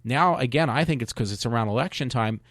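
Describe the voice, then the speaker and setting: A man's voice: medium pitch, a bit bright, dry recording. A man talks in a mid-range voice, holding forth in a casual opinion monologue. He rambles and gets worked up, stumbling over words and restarting often. The sound is dry and close, with no room around it. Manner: rambling, agitated, halting with many restarts. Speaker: podcast host.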